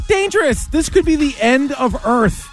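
A man hosting a talk show, chatting casually and getting excitable. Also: extremely high pitch, normal speed, faint music behind. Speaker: radio show host. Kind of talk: casual chat.

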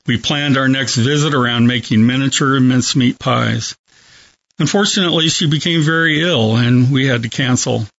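A hospice chaplain, a man, telling earnest, measured stories as a guest on a talk show. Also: medium pitch. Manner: gentle, earnest, measured storytelling. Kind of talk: storytelling in a talk show interview. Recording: dull lo-fi broadcast audio.

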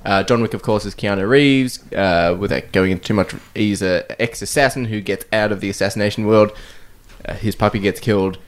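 Laughing, animated podcast co-host man. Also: lowish voice, a little fast. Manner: animated storyteller, laughing while recounting film scenes. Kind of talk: casual chat.

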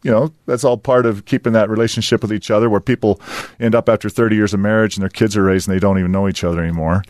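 A man's voice: on the low side, steady tone, rapid-fire, a little mellow, dry recording, clean studio sound. A man in his fifties co-hosting a show, chatting casually, rambling with lots of fillers and laughing often. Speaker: podcast co-host. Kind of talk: casual chat.

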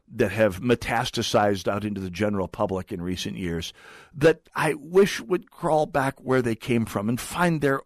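Man, talk radio host, sardonic monologue, lively swooping pitch, dry close studio sound. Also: dry recording. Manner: sardonic and digressive, with wry asides. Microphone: studio microphone.

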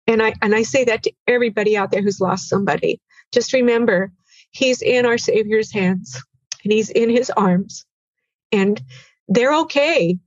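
A woman in her sixties giving an earnest personal testimony as an interview guest, halting and tearful at times. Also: a little high, no room sound, dull audio.

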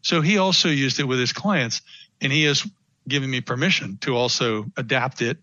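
Animated man telling stories on radio. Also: medium pitch, moderate pace, no room sound, muffled recording. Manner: animated storytelling, acts out quotes. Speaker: guest consultant. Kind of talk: radio interview.

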